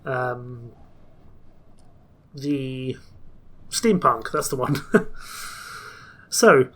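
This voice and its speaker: A man's voice: medium pitch, drawn-out words, long pauses, a bit bright. A man casually commenting on a story game and reading its text aloud in a chatty, rambling way. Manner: chatty, rambling, self-correcting. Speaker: let's play host.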